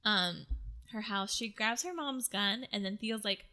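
A woman's voice: mid-range voice, a little slow, bright, forceful tone. A woman in casual chat, retelling a story in a rambling way, full of fillers and swearing. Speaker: storyteller recapping a show.

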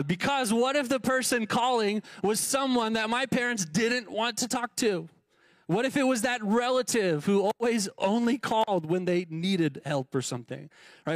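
A man with a notably high voice preaching in a church, speaking casually and often stumbling over repeated words. The sound is dry and close. He throws rhetorical questions at the congregation as he goes. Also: expressive, moderate pace, no room sound. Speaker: pastor. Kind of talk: sermon. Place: church sanctuary.

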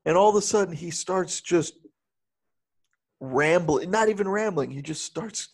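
A man co-hosting a casual movie review chat, animated and often laughing as he talks. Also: high-pitched, unhurried, husky. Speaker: podcast co-host.

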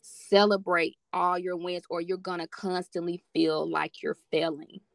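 A woman's voice: on the low side, little pitch movement, measured pace, gravelly, dry recording. A woman talking as a podcast guest in a casual, heartfelt chat, earnest and encouraging, repeating phrases for emphasis.

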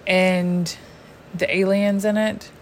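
A woman's voice: fairly low pitch, little pitch movement, slow pace, rough recording. A woman chatting casually and animatedly, swearing freely and acting out her own reactions as she talks. A faint hum of noise sits under her voice. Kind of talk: casual chat.

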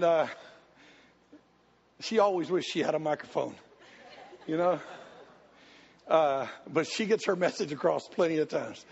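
Folksy pastor, man, husky and high, muffled recording in a reverberant church. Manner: folksy, joking, pleading. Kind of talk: sermon with congregation volunteers. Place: church sanctuary.

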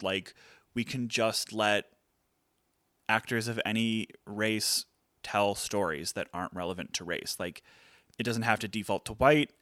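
A man's voice: fairly low pitch, bright, forceful tone, dry recording, clean studio sound. A man co-hosting a podcast, chatting earnestly with lots of fillers. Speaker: podcast co-host. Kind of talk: casual chat.

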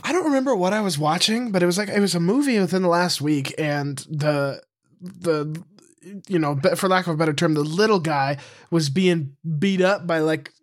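A young man with a slightly raised pitch talks in loose, casual podcast chat. He rambles and restarts his sentences, telling stories from his own life. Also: normal speed. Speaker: podcast co-host, preschool teacher.

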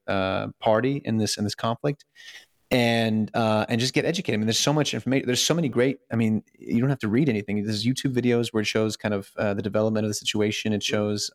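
A man's voice: on the low side, no room sound, clean studio sound. Earnest man with frequent restarts. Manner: earnest, many restarts and fillers, rhetorical questions. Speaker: podcast co-host. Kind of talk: casual podcast discussion.

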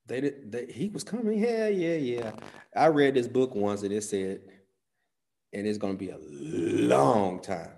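A pastor preaching a sermon, folksy with "y'all", swinging between loud bursts and hushed asides. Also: male voice, medium pitch, expressive, measured pace, vocal fry, slight background noise. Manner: folksy talk with "y'all" and "ain't".

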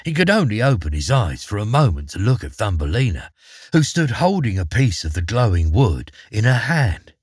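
A man reading a fairy tale aloud in an expressive storybook manner, his husky voice rising and falling with very lively pitch. The recording is dry and close, with no room sound. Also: normal speed, no room sound.

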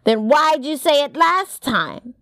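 A woman voicing a prickly teenage girl with a gruff voice who answers in curt, blunt lines. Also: sits high, expressive, slow pace, fairly bright tone, pitched above the performer's own voice, heavily acted. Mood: sullen.

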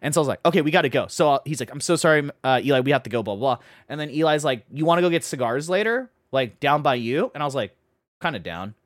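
A man telling a long story in casual chat, animated, acting out his friends' voices and filling his talk with "like" and "right?". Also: fairly high pitch, no room sound, clean studio sound. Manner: fast, full of "like" and "right?".

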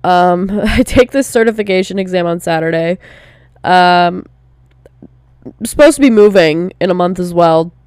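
A woman's voice: on the low side, darkish tone, clean tone, no echo, clean studio sound. A young woman in her twenties talking candidly in a personal vlog, casual, with lots of fillers and swearing. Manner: slow, drawn-out delivery. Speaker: vlogger.

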